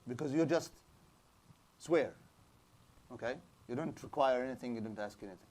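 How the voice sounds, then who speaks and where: A man's voice: mid-range voice, moderate pace, darkish tone. A man teaching an Islamic studies class, explaining in English mixed with Arabic terms and often repeating and restarting words as he answers students. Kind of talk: classroom lecture with student questions.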